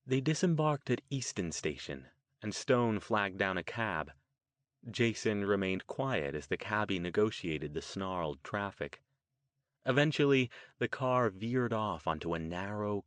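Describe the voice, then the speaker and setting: A man narrating an audiobook in a steady, measured way. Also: lowish voice, no echo. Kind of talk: scripted narration.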